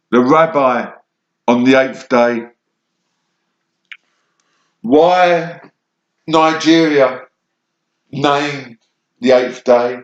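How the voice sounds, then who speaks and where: A man's voice: medium pitch, very slow, pauses often, muffled recording. A man from Kent with a southern English accent, telling a rambling personal monologue in short, fragmented bursts that jump between memories. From Kent, England. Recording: echoey room.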